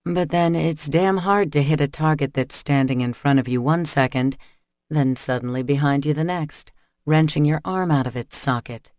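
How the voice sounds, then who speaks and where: A man reading an audiobook in steady, measured scripted narration, recorded close on a studio mic. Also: on the high side, no room sound.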